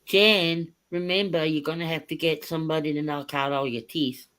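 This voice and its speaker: A woman's voice: low voice, steady tone, normal speed, fairly bright tone. A woman guest in a casual group chat, teasing the others playfully and often stopping to restart what she says.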